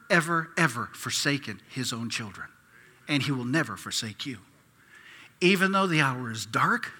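A man preaching a sermon as a pastor, impassioned, swinging from hushed asides to loud pleading. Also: on the high side, breathy edge, long reverb tail.

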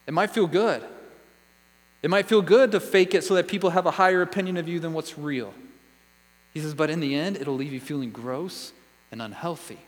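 Male pastor, sermon, earnest conversational delivery, rhetorical questions, fairly high voice, reverberant church hall. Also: normal speed.

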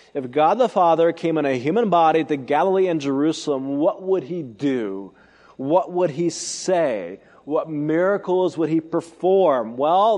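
A man preaching an expository sermon, emphatic, asking rhetorical questions and swinging between loud and soft delivery. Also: fairly high pitch, big-room sound. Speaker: pastor.

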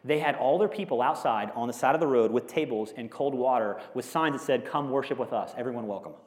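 A middle-aged man pastor preaching a sermon in an energetic, joking way, often rising to loud emphatic peaks. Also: mid-range voice, fast talker, long reverb tail.

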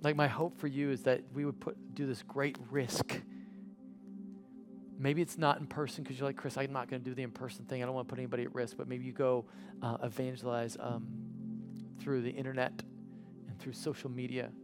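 A man preaching a communion sermon as pastor and leading prayer, swinging from loud urgent preaching to soft quiet prayer. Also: mid-range voice, little pitch movement, a little fast, music in the background.

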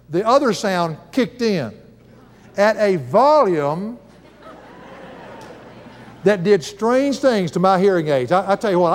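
Older man, folksy preacher, higher voice, long reverb around him. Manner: folksy, chuckling storyteller. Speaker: Bible teacher. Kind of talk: sermon with personal stories.

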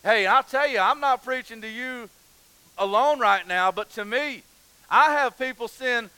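A man's voice: very high-pitched, unhurried, sharp tone, clean tone, no echo, low-quality recording. A man preaching a sermon as pastor, passionate, repeating phrases and asking rhetorical questions.

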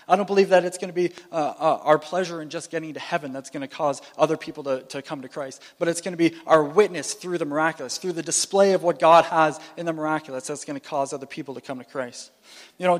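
A fairly high-voiced man preaches with animated energy, often stopping to restart and repeat a phrase. His voice rings out with a long reverb, as if in a large hall. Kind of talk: sermon.

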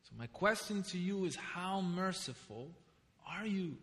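Pastor, man, high bright voice, storytelling sermon in a reverberant hall. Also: a little slow. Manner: storytelling preacher, animated, asks the congregation questions.

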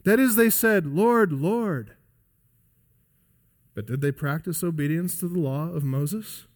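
Emphatic preaching man, high-pitched. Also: lively intonation, normal speed, in a large hall. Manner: emphatic preaching with wide swings in pitch and loudness. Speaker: pastor. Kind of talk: sermon. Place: church sanctuary.

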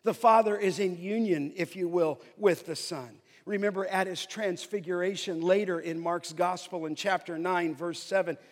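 Guy preaching slow and emphatic, pretty high voice, big echoey hall. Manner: emphatic, draws out key phrases when reading scripture. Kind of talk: expository sermon. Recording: long hall reverb.

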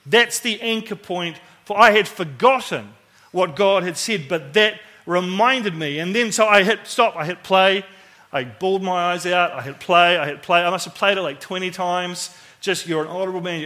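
Casting note: New Zealand preacher, chatty and animated, bright tone. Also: male voice, sits high, normal speed. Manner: conversational, animated, acts out quoted voices. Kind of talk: sermon storytelling.

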